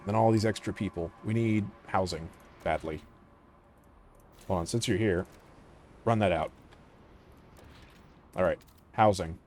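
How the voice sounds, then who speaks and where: Low-voiced man muttering through a game. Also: unhurried, pauses often, a little hiss or hum. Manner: mumbling to himself, trailing off into quiet asides. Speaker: gaming channel host. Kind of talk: casual game commentary.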